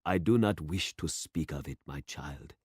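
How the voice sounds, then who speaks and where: Guy reading a grave old village pastor, super deep voice, slow and solemn, dry sound. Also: animated, a little mellow, husky, dry recording, exaggerated voice. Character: grave elderly village pastor, stern then tender.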